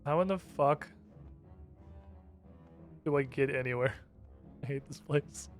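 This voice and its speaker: A man's voice: medium pitch, slow pace, soft background music. A man streaming a video game, chatting casually, swearing and laughing as he plays. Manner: chatty, profane, laughs a lot. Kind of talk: casual gameplay commentary.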